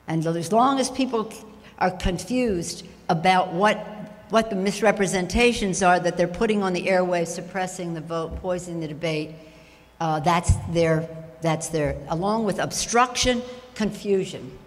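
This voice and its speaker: A woman in her seventies, a party leader giving a political speech at a breakfast, with a rallying manner that repeats key phrases. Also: on the low side. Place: large breakfast hall with a crowd. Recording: long echo of a large hall.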